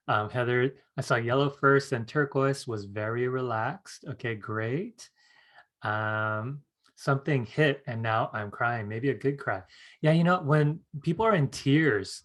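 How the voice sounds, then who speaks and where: Laid-back guy running a live psychic class, chatty, reads comments out, mid-pitched voice. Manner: relaxed and chatty, reads viewer comments aloud; soothing guided-meditation tone. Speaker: psychic teacher hosting a live online challenge. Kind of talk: casual live-stream teaching.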